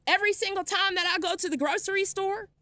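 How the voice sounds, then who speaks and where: A woman's voice: extremely high pitch, fast talker, pushed and bright, no room sound. A woman vlogging a defiant, sarcastic rant, blunt and swearing freely. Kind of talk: ranting vlog monologue.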